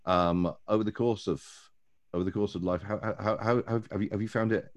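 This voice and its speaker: A man's voice: lowish voice, fairly even intonation, a little fast, dull audio. A man hosting a podcast, asking long questions with many repeated words and restarts. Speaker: podcast host. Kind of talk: interview questions.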